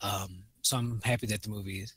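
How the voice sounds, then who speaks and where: A man's voice: fairly low pitch, steady tone, fairly quick, a bit bright, husky, dry recording. A man co-hosting a podcast, chatting casually and profanely about movies, rambling with many fillers and acting out quotes. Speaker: podcast co-host.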